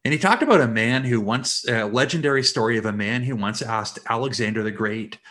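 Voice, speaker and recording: A man's voice: mid-range voice, fairly quick, a bit bright. A man preaching a sermon in an earnest way, explaining scripture with everyday examples. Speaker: pastor.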